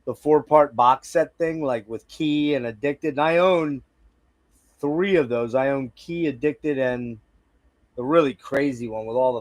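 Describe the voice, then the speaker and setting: A man's voice: mid-range voice, a little slow. A man hosting a casual conversational interview about music, talking loosely and rambling, with many fillers and restarts. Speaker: podcast host.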